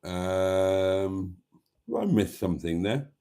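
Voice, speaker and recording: A man's voice: low-pitched, big pitch swings, takes it slowly, mellow, clear, resonant tone. A man hosting a casual live stream, reading out viewer comments in a chatty, wry and self-mocking way.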